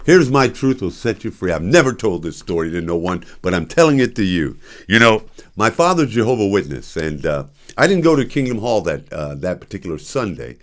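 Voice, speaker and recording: A man's voice: low-pitched, big pitch swings, brisk. Older guy hosting his show, chatty storyteller, laughs a lot, voice bouncing all over. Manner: laughs often, mimics voices in his stories. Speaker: show host. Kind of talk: casual storytelling monologue.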